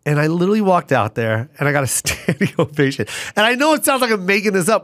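Middle-aged male comedian, fairly high voice, lively storyteller, dry studio. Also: fast talker, hardly any pauses, no echo. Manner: lively, swinging into character voices. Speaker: guest comedian. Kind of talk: conversational storytelling.

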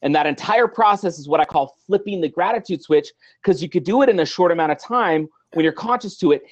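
A middle-aged man, a guest on an interview show, talking in an animated, motivational way and acting out little everyday scenes. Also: a little high, muffled recording.

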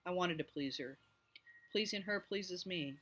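A man reading a novel aloud at home, lively and doing each character's voice. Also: sits high, measured pace, a little hiss or hum. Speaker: audiobook reader.

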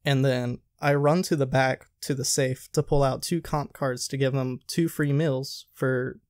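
A man's voice: mid-range voice, measured pace, no echo, clean studio sound. Casual young man telling work stories. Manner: animated retelling, acts out quoted lines. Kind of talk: casual storytelling chat.

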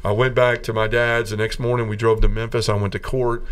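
In a podcast interview, a middle-aged Southern man shares his conversion story with earnest feeling, voicing the characters he quotes and laughing between lines. His mid-range voice is level, brisk and clean, recorded from a distant mic.

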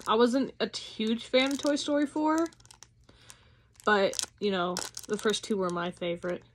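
A woman talks her viewers through an unboxing in a loose, chatty way. She gushes and gets excitable, tossing in the odd swear word. Her voice sits a little on the high side. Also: a little slow, slight background noise. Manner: gushing and excitable, swears casually. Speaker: unboxing vlogger. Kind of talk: casual unboxing chat.

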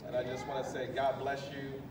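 A man's voice: medium pitch, monotone, brisk. Heartfelt man speaking in an echoey hall. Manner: heartfelt and emotional, thanking friends with frequent laughs. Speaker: retiring chief master sergeant giving his farewell speech. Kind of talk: retirement ceremony speech. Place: large ceremony hall on a military base. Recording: echoey hall from far off, with crowd and noise. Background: audience murmuring and laughing.

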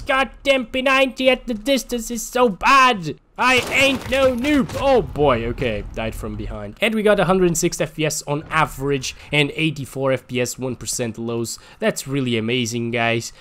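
Hosting a gaming channel, a man delivers live gameplay commentary in an excitable way, bouncing between quiet muttering and frustrated shouts. His voice sits in the mid range, with a slight hiss or hum in the recording.

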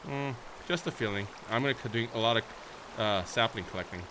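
A young man talks through his game in a playful, chatty way, addressing his viewers as friends and now and then shrieking or cooing at his horse. His voice sits at an ordinary middle pitch. The home recording carries a clear layer of background noise. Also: a little fast. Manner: bursts into shrieks and baby talk at his horse. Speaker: gaming YouTuber. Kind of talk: Minecraft let's play commentary.

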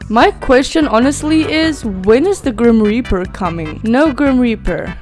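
A woman's voice: a little high, a little slow. A woman commentating on a chaotic life-sim game, gasping, laughing and exclaiming as she reacts. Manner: excitable, gasping and exclaiming at the chaos. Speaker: gaming video creator. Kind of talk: let's play commentary. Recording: faint game music behind.

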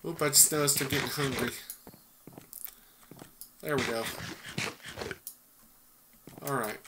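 A man's voice: mid-range voice, steady tone, takes it slowly. A man giving rambling, casual commentary while playing a game, thinking aloud with many fillers. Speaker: gaming YouTuber. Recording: noisy mic with keyboard clicks. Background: keyboard typing.

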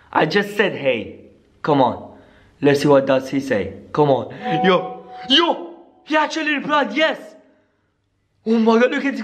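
A young man hosting a prank-call skit vlog, excitable and constantly saying "yo" and "guys". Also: very high voice. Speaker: YouTuber.

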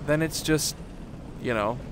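A man commenting on a VR rollercoaster game, swearing, pleading and laughing, with frequent swings into panicked yelling. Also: fairly high pitch, unhurried, background noise. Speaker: gaming YouTuber. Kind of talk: VR gameplay commentary.

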